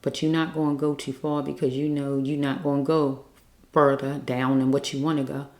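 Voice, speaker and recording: A woman with a deep, mellow voice leads a spiritual card reading in an echoey room. She talks earnestly and pleadingly, circling back to the same points and asking again and again if the listener follows her. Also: little pitch movement, moderate pace. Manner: repetitive, keeps checking in with listeners. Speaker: card reader.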